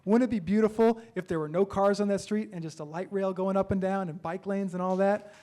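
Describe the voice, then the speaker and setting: A man's voice: high voice, fairly even intonation, fairly quick, warm tone, slight background noise. A man, a council candidate, answering eagerly at a forum, often stumbling and restarting his sentences.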